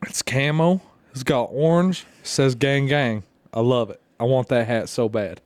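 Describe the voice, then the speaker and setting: A man co-hosts a casual podcast, rambling through a long, profane story and frequently laughing as he tells it. His voice is mid-range at a normal speed, with a clean tone and no room sound.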